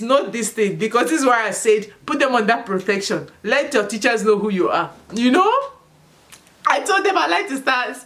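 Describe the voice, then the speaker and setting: Lively woman vlogger, laughing often. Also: fairly high pitch. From Africa. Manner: animated storytelling with frequent laughter. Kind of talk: casual advice vlog. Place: outdoors in sunlight.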